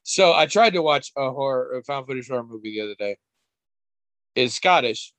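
A man's voice: medium pitch, animated, brisk, a bit bright, dry recording. A man talking in casual podcast chat, rambling and wry, with frequent restarts and casual swearing.

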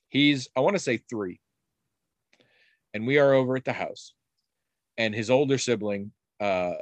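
A middle-aged man in casual conversation, telling rambling stories with frequent restarts and animated quoted voices. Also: on the low side, no room sound. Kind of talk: casual chat.

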